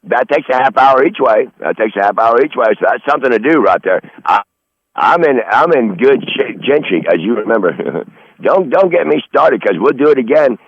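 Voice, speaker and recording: A blustery man rambles in crude, profane chat while sitting out in his garden. His voice is mid-pitched and comes through a dull, lo-fi phone line with a dry sound. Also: animated, moderate pace, dry recording. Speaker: regular call-in guest.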